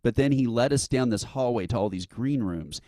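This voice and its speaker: A man's voice: medium pitch, normal speed, dry recording. A man being interviewed as a guest, telling a long anecdote in a casual way and acting out the lines of the people in it. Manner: animated storyteller who acts out quotes with laughs. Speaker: interview guest, event founder.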